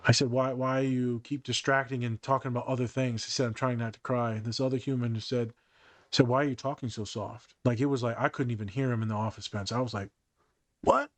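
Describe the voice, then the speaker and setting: A man's voice: medium pitch, quick pace, no echo. A man hosting a casual podcast chat, a therapist telling stories from his office and acting out the quoted dialogue. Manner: animated storyteller who acts out quoted dialogue.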